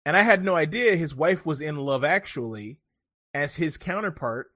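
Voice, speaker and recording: Male co-host, jokey rambling storyteller, bright tone, dry close sound. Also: fairly high pitch, lively intonation, moderate pace, no echo. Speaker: podcast co-host. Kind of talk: casual chat.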